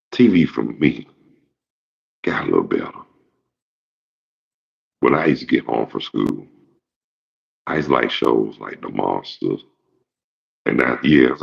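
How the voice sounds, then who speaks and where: Gravelly, very deep man in his fifties. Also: animated, measured pace, pauses often. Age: 50s. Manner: rambling, profane, jokey storytelling. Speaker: show host. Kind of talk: casual monologue. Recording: dull lo-fi recording.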